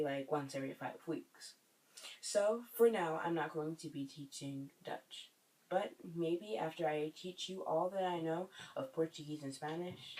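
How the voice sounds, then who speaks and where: A man hosts a language lesson video, saying each phrase slowly and then repeating it syllable by syllable so viewers can copy him. His voice is a little high and darkish, and he sounds far from the mic in poor audio.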